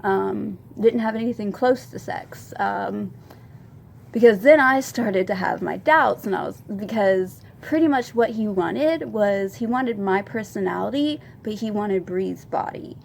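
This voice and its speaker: Young woman with heavy vocal fry. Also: mid-range voice, unhurried, a little hiss or hum. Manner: rambling confessional with many ums and soft laughs. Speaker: vlogger. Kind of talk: storytime vlog.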